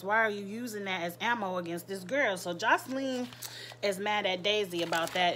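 A woman's voice: mid-range voice, fairly bright tone, a little hiss or hum. A woman giving a casual, candid recap of a reality show, speaking in with crude slang and laughing asides.

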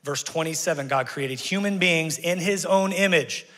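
Animated pastor preaching in a reverberant church. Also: male voice, on the high side, moderate pace. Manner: animated, conversational preaching with asides to the congregation. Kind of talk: sermon. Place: church sanctuary. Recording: long church hall reverb.

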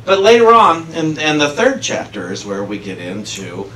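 Minister preaching in an echoey hall. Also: male voice, fairly high pitch, normal speed. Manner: conversational, laughing often, animated storytelling. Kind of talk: casual sermon. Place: church sanctuary. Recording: echoey hall, far from mic, noisy.

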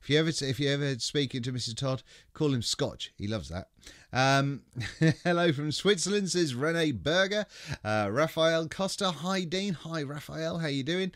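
On a casual livestream, a man with a fairly high, animated voice reads out viewer greetings and comments at a normal speed, cheerfully tripping over names. His tone is fairly bright, the sound studio-quality with no echo. He's chatty, laughs often and swears casually.

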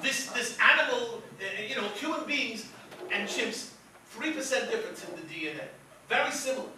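A man playing a pompous high-voiced psychic. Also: lively intonation, fairly quick. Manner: grandiose, mock-mystical, often laughing. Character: pompous self-assured male psychic doctor. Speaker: comedian playing a fake psychic. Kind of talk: live stage comedy bit with volunteer. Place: stage before a live audience. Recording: echoey noisy room, mic far off.

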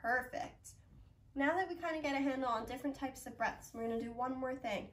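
A young woman, a library yoga instructor, gently coaxing children through a breathing lesson. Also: high-pitched, distant mic. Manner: encouraging, coaxing, talks slowly to children. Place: library room, indoors.

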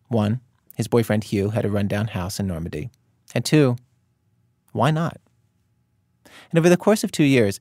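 A man with an American accent hosting a radio program in a measured, wry, conversational way. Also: fairly low pitch, mellow, dry recording. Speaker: radio host. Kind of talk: scripted radio narration.

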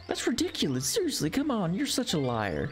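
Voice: mid-range voice, wildly swooping pitch, fairly quick, soft background music, pitched above the performer's own voice. A streamer voicing squabbling male island townsfolk from a video game, reading their lines in a raised, indignant voice.

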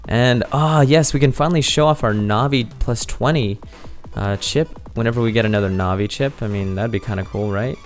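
A jokey, upbeat man commenting over a video game, chatty and playful with a middle-pitched voice. Quiet game music plays underneath. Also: fairly quick. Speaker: let's play host.

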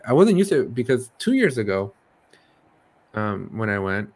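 A man hosting a casual interview, telling stories in a fast, excitable way. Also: mid-range voice. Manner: fast, excitable storytelling with laughs. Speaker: host.

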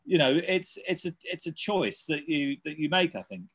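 A man's voice: a little high, sing-song, moderate pace, fairly bright tone, breathy edge. A man in his fifties, interviewed as an electronic musician, talking in a rambling, casual way with lots of fillers and restarts. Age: 50s. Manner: rambling, many fillers and restarts, laughs while telling stories. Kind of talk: casual chat.

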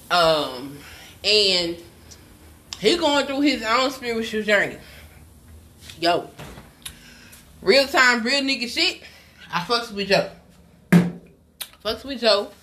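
A woman talks in an unhurried, drawn-out way, leaning on words to drive each point home. Her voice sits fairly low, and her speech is blunt and full of profanity. A faint hiss of background noise runs under the recording. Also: bright, forceful tone, echoey room. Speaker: spiritual advisor vlogger. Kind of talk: casual vlog rant.

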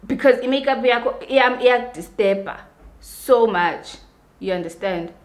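A woman's voice: on the high side, a little slow. Xhosa-accented woman ranting in an echoey room. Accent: South African, Xhosa. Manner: animated, switching between English and Xhosa, asks "you understand?". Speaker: beauty vlogger. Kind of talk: casual ranting while doing makeup.

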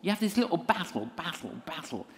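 Speaking a little high and fairly quickly, the man, a minister and evangelist, delivers a lecture story. His animated telling mixes self-mocking humor with voices he acts out.

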